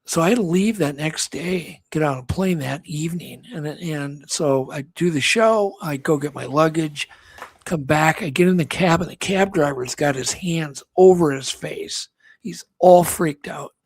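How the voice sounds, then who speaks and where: A man's voice: on the high side, a little slow, breathy edge. A man co-hosting a talk show, rambling through a story with many restarts and acted-out quotes. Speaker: co-host. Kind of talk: casual storytelling chat.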